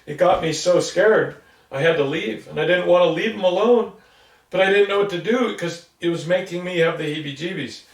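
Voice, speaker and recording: A man in his sixties with a fairly high voice for a man, recalling old memories as a rambling storyteller who slips into the voices of the people he quotes. He sits back from the microphone, and his voice rings through a roomy space. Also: a little fast. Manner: rambling storyteller who acts out what others said. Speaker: interviewee. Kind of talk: casual recollection. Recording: roomy sound from a distance.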